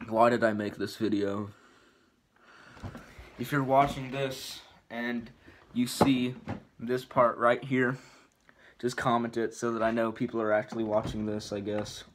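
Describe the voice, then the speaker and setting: A man's voice: mid-range voice, level tone, measured pace, long pauses, background noise. A man in a casual amateur script reading, reading stage directions in a drowsy, mumbling way with slips and restarts. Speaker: video maker.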